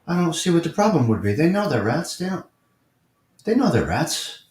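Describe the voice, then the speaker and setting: A man's voice: a little high, sing-song, normal speed, a little mellow. A man with a New York accent hosting a casual live morning chat stream, answering viewers by name and repeating his points with emphasis. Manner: repetitive and emphatic, addresses chatters by name. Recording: roomy echo.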